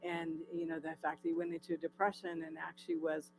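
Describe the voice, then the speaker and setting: A woman's voice: low-pitched, monotone, quick pace, a little mellow, faint music behind, low-quality recording. A woman speaking at a church, telling her own recovery story in a personal testimony with vivid storytelling and acted-out quotes, earnest and tearful in places.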